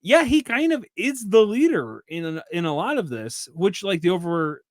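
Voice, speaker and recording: A male podcast co-host talks casually about a film, rambling and profane. His speech is set somewhat high and swings widely in pitch. The recording is dry and close to the mic. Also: moderate pace, dry recording. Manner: animated, rambling, profane and joking. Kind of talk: casual movie-review chat.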